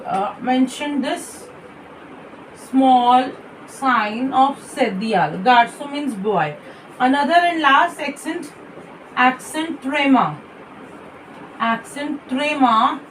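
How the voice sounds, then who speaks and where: High-voiced woman teaching French, slow and patient. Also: recorded from a distance, slight background noise, low-quality recording. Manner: patient, repeats words slowly, small slips in English. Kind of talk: explaining a textbook lesson.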